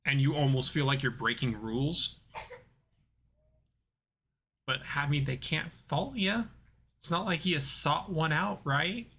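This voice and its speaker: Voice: medium pitch, a bit bright, husky. A game master from southern North Carolina, narrating a tabletop game with many restarts and fillers. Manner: halting, many restarts and fillers while describing.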